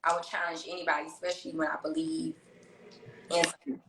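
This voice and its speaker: A woman rapper chatting on a livestream, telling stories in a brash, profane, animated way. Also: deep voice, fast talker, roomy sound, rough recording. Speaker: rapper on tour, guest on a livestream. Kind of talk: casual livestream chat. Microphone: phone.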